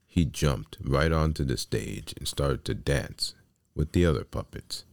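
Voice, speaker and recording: A man hosting a podcast and reading a children's story aloud in a slow, deliberate way. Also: a bass voice, creaky, no echo, studio quality.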